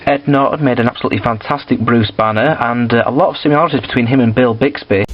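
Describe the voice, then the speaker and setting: A man's voice: mid-range voice, fast talker, muffled recording. A man reviewing films in a casual, blunt and sweary way, with frequent fillers. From United Kingdom. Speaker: film reviewer.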